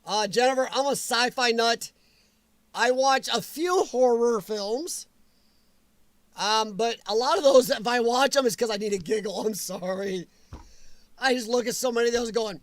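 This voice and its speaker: A man hosting a casual livestream, answering viewers' comments in a chatty, animated way with frequent chuckles. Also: very high voice, moderate pace, no room sound. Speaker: livestream host.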